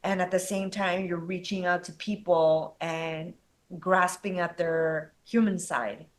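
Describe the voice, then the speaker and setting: A woman's voice: fairly low pitch, measured pace. A woman speaking as a podcast guest, thoughtful and building on her partner's points. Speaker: guest, animation artist. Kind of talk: casual podcast interview.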